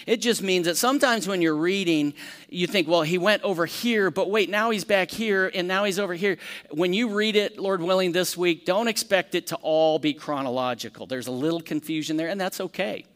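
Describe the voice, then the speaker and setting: A man teaching a Bible study as pastor, talking conversationally, asking the room questions and acting out quick lively storytelling examples. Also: a little high, in a large hall.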